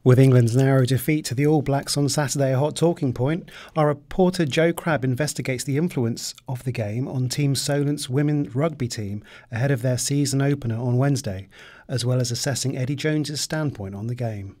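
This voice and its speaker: A male news anchor introduces sports stories in a mellow, warm voice at mid pitch, formal and announcing. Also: fairly quick. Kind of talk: scripted news links.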